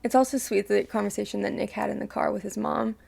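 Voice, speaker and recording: A woman's voice: mid-range voice, little pitch movement, quick pace, gravelly, darkish tone. A young woman hosting a reaction video, talking casually and emotionally, ranting and swearing freely.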